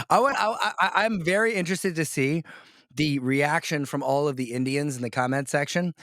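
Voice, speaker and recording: A man from Florida coaches a client on a casual call. He talks in a blunt pep-talk style and keeps asking rhetorical questions. His voice sits high for a man and sounds dry and close. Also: moderate pace, a bit bright, no echo.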